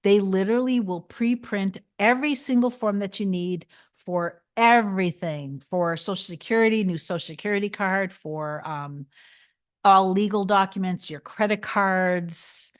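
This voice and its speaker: A manifestation coach on a casual livestream reads and answers chat in a medium-pitched voice at a measured pace. She rambles chattily, restarts often, and softens into a reassuring tone when offering advice.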